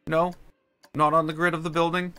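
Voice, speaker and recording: A man's voice: on the high side, level tone, fairly quick, bright, forceful tone, clear, resonant tone. A man streaming a building game live, complaining and ranting as he plays, with keyboard typing behind him.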